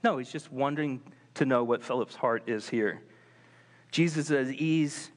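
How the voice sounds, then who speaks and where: Male pastor, mid-pitched, casual animated sermon delivery, long church-hall reverb. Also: a little slow. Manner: conversational, animated, casual fillers.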